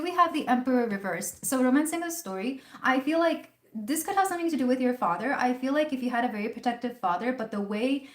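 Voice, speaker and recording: A woman hosting a live tarot reading, chatting casually and rambling with fillers. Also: on the high side. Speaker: tarot reader hosting a livestream. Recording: roomy echo.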